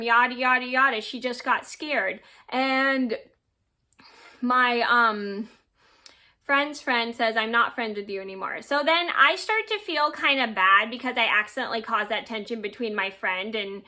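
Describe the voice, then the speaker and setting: A woman's voice: fairly high pitch, moderate pace, sharp tone. A woman in her twenties, a vlogger, casually telling a personal story to camera, rambling and quoting what people said. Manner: rambling retelling with quoted dialogue and yada yada.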